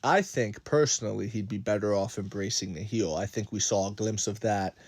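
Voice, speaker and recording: A man's voice: lowish voice, normal speed, no echo. A man giving his opinions on mixed martial arts as a vlogger, in a casual, conversational monologue full of rhetorical questions. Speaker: MMA commentary vlogger.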